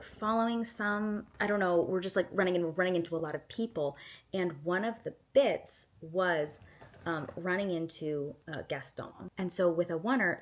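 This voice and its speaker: A woman recalling her days as an actress in a casual, rambling vlog story, full of restarts and bursts of laughter. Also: on the low side. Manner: breaks into laughter and acts out quotes. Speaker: actress recalling filming stories.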